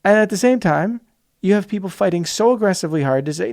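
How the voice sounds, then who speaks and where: This solo podcast host talks fast with a fairly high, gravelly, slightly mellow voice and an animated delivery. His monologue is passionate and emphatic, and he occasionally mimics the other side's views in mocking tones.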